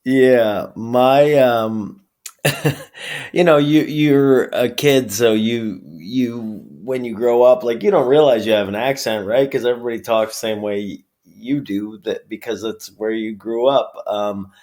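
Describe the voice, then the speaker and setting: A man from upstate New York with a New York accent, a wrestler chatting as a guest in an easygoing, halting way. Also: mid-range voice, darkish tone. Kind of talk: casual interview chat.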